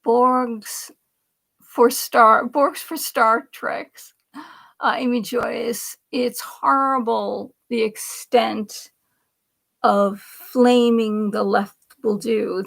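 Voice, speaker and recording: A middle-aged woman hosting a chatty political livestream, reading viewer comments aloud. Her voice sits high, with a gravelly fry through it. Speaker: livestream host.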